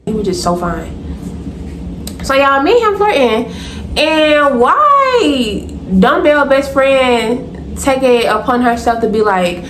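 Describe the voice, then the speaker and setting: A young woman telling a storytime vlog to her viewers, animated, blunt and profane, often calling them y'all. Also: fairly high pitch, takes it slowly, roomy sound, slight background noise, poor audio. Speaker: storytime vlogger. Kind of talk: casual storytime to camera.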